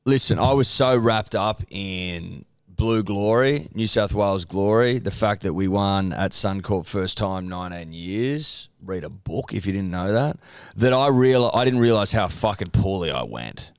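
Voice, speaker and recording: A man's voice: lowish voice, lively intonation, a little slow, smooth, dry recording, clean studio sound. A man with an Australian accent, co-hosting a betting podcast, blunt and sweary with mock indignation. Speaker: podcast co-host. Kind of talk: casual betting podcast chat.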